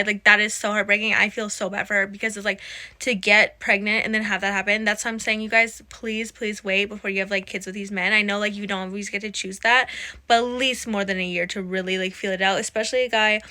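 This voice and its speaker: Bright-voiced woman giving chatty commentary. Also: medium pitch, fairly even intonation, quick pace. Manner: chatty and preachy, repeats points, addresses viewers as "you guys". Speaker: commentary host. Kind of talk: casual reaction commentary.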